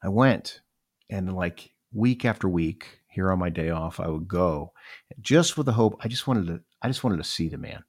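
A man in his forties with a gravelly, fry-edged voice that sits a little low. He tells a personal story in a loose, reflective way, circling back and repeating his phrases as he goes. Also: animated, moderate pace.

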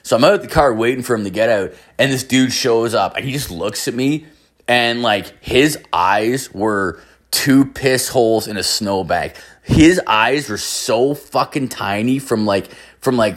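A young man spins a casual anecdote in a rambling, loose way. He swears constantly and leans on fillers, and his pitch sits at an ordinary middle height for a man. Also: unhurried, a bit bright. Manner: rambling, profane, heavy on filler. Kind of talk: casual storytelling.

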